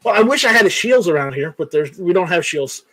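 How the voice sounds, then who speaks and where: A man with a high-pitched voice hosts a casual stream, reading out chat comments and going off on joking tangents. The sound is dry and close, with no room around it. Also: animated, a little fast, a bit bright, no room sound, rough recording. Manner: rambling, joking, reads viewer comments aloud. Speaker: livestream host reading chat.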